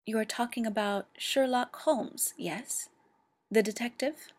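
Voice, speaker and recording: An eccentric male alien genius, put on by a woman reading aloud, bursting with nosy curiosity and quick, bouncy questions. His voice is a touch higher than the narration around him, and he comes across as excitable and full of himself. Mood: hushed.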